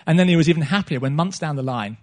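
Earnest preacher man, slightly high. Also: fast. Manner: earnest, repeats himself and restarts phrases. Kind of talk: sermon. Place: church meeting hall.

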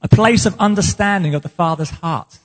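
A man's voice: high voice, normal speed. A man preaching as the pastor of his church, speaking earnestly and with passion about his calling. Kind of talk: sermon. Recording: long hall reverb.

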